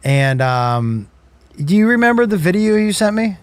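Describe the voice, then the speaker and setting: A man's voice: high-pitched, sing-song, moderate pace, a little hiss or hum. A middle-aged father talking emphatically about his son in a casual podcast chat. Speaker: father of the guest.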